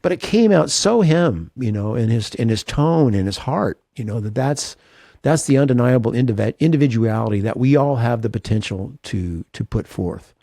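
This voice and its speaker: A man's voice: mid-range voice, animated, normal speed, creaky, warm tone, dry recording, clean studio sound. A man, a guitarist guest in an interview, talking earnestly and self-deprecatingly with lots of restarts. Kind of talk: reflective interview talk.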